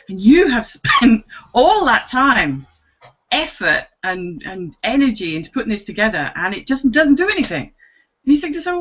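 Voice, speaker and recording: A woman in a casual group video chat, animated and laughing often as she acts out her own thoughts. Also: on the high side, moderate pace. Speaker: co-host. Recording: dull lo-fi video call audio.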